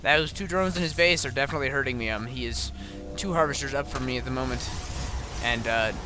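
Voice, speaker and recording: Speaking at medium pitch over background music, a tired man who stayed up all night casually narrates his own game replay. He halts often, with many ums and restarts.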